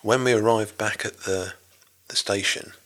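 A man's voice: lowish voice, steady tone, normal speed, a bit bright. An older man from Britain, a former navy rescue diver, telling his story in a casual interview, rambling with many restarts and fillers. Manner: rambling, full of restarts and "you know".

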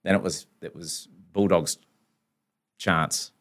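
A very deep-voiced Australian man spinning blunt, down-to-earth anecdotes. He talks in a casual, colloquial way as a podcast guest. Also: fairly even intonation, takes it slowly. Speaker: company founder, guest. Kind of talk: casual storytelling.

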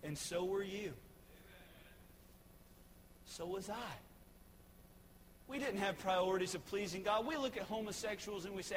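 A man preaching a sermon in a church, swinging between shouted points and quiet, dropped asides. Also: high voice, measured pace, long pauses. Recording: long hall reverb, faint noise.

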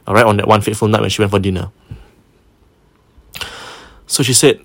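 A man's voice: on the low side, expressive, quick pace, pauses often, no echo. Singaporean man retelling a ghost story. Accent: Singaporean English. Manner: casual, mixes in Malay words, acts out quotes.

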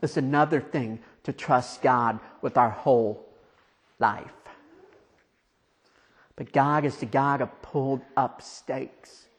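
A man preaching a conversational, storytelling sermon, asking his listeners questions and dropping quiet for emphasis. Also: medium pitch, slow, long pauses.

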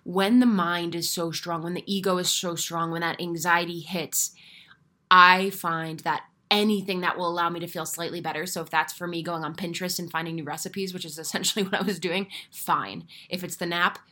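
A young adult woman hosting a podcast, telling a personal story in a candid, animated way with casual swearing. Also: lowish voice, normal speed. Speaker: podcast host. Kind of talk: casual solo podcast monologue.

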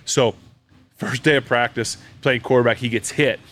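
A man hosting a podcast recorded at a brewery, telling a story in casual chat, animated and full of fillers and restarts. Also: medium pitch, moderate pace. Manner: animated, acts out quoted voices, many fillers and restarts. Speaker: podcast host.

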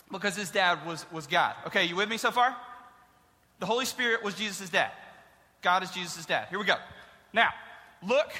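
A man's voice: high-pitched, bright, forceful tone. A man, a youth pastor, giving a casual Bible lesson to kids, chatty and quizzing his listeners with questions. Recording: long hall reverb.

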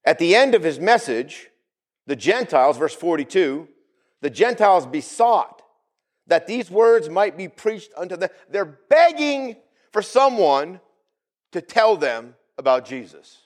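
A man's voice: on the high side, very animated, a little slow. A male pastor preaching a sermon, calling out to the congregation for responses.

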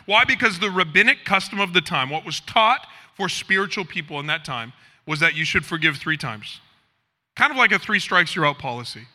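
A man preaching a sermon as pastor, animated and acting out the quoted figures. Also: high voice, fairly quick. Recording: hall reverb.

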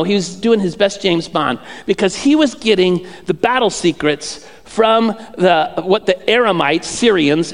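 A male pastor delivers a conversational sermon in a fairly high voice. He repeats phrases and slips in humorous asides. His words carry a long reverb from the church hall. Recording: echoey hall.

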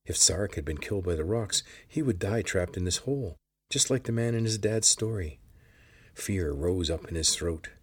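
Male audiobook narrator, low and husky, measured storytelling. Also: animated. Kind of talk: scripted narration.

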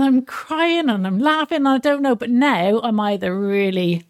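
A woman co-hosting a podcast in a casual chat, talking openly and emotionally with frequent restarts and pauses to search for words. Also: medium pitch, expressive. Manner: open and emotional. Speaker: podcast co-host.

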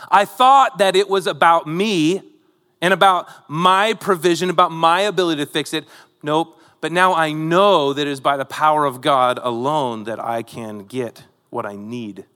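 A man's voice: medium pitch, pushed and bright, in a large hall. Man preaching a conversational sermon. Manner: conversational preaching with rhetorical asides. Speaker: pastor.

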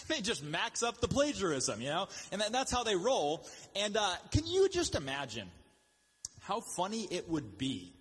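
A man preaching a sermon in an animated, joking way, with quick asides and mocking voices for the people he quotes. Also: fairly high pitch, breathy edge, long reverb tail. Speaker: pastor.

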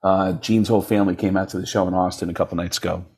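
A comedian being interviewed, telling stories in a casual, animated way. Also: male voice, low-pitched, very fast, breathy edge. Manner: animated storyteller, jumps into voices when quoting people. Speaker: comedian guest.

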